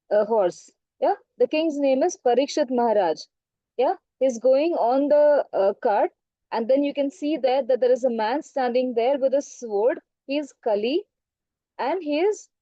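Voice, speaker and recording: Telling a story to her online class, a woman teacher with an Indian English accent regularly pauses to ask the students questions. Her voice sits high and sounds mellow, in a dry recording of online class audio with the highs cut off.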